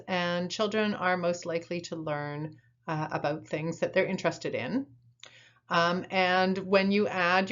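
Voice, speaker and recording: A woman calmly explaining parenting strategies in an instructional talk, pausing often with ums and uhs. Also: medium pitch. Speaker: instructor in a parent training video. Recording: dull, muffled recording.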